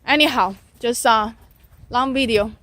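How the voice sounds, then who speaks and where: On the high side, pushed and bright, this woman talks a little slowly as she walks dogs outside. A dog trainer, she offers casual tips, adds "right?" to her points again and again, and pauses to praise the dogs.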